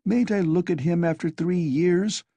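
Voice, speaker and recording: A timid, tearful middle-aged mother pleads in alarm, her voice pitched high and a little husky. A man reads her. The recording is dry and close. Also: measured pace, mellow, no echo, heavily acted. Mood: anxious.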